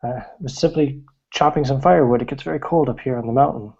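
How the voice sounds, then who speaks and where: A man voicing a friendly, fussy old male mountain hermit who frets and talks in a high, kindly voice. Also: fast, creaky, warm tone, slightly rough. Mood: fussing. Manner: high, fretful and overly kind. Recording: dull lo-fi recording.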